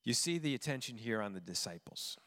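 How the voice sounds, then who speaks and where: A man preaching a sermon, expressive and emphatic, reading scripture and asking the listeners questions. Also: mid-range voice, a little fast, in a large hall. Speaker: pastor.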